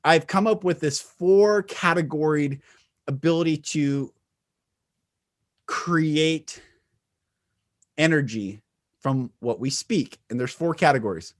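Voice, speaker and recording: Earnest male speaker, inspirational spiritual talk, slightly higher-pitched, shifts volume and pace to demonstrate. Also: slow pace, long pauses. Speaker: speaker and retreat leader.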